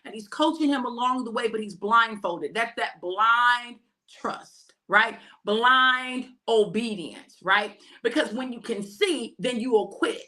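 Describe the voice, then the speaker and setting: A woman minister giving a fervent, repetitive exhortation, often shouting, with chatty asides in between. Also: a little high, takes it slowly.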